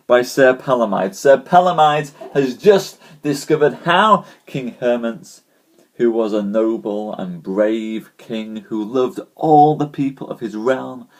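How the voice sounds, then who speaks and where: Before he gets to his story, this man banters with the people watching his live stream, addressing them by name and as ladies and gents. His mid-range voice sounds scratchy and hoarse.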